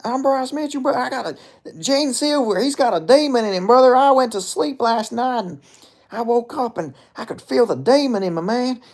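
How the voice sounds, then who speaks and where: A man doing a comic impression of a loud redneck male fighter, with a put-on Arkansas drawl, high and brash, tossing in "brother" constantly. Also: expressive, moderate pace, full character voice.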